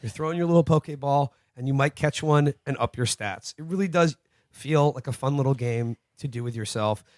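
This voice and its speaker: A man spins loose, rambling anecdotes in a casual podcast chat, slipping into quick voices for the people in his stories. His voice sits at an ordinary middle pitch. The recording is close and dry. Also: no room sound. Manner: rambling anecdotes with acted-out quotes. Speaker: podcast co-host.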